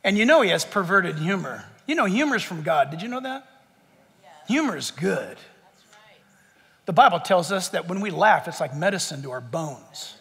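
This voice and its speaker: A man's voice: high voice, vocal fry, fairly bright tone, husky, big-room sound. A male pastor preaching an impassioned sermon to his church, full of emphatic rhetorical questions and jokes. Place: church sanctuary.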